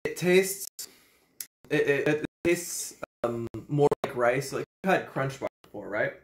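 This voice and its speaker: A woman with a strikingly deep voice hosts a casual taste-test vlog. She rambles in a jokey, chatty way, often restarting her sentences. A faint hiss sits under the recording. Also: expressive, unhurried. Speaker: vlogger.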